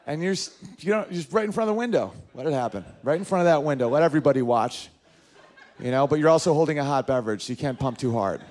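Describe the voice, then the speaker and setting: Animated male stand-up comic. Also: a little high, fast talker. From northern New York. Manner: animated storytelling, acting out voices in quotes. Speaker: stand-up comedian. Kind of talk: stand-up comedy set. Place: comedy club stage with live audience.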